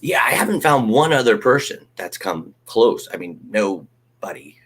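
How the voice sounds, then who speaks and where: A man's voice: on the low side, a little slow, breathy edge. A man hosting a live fan stream, ranting casually, swearing freely and mocking critics. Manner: animated, ranting, swears freely, mocks critics in put-on voices.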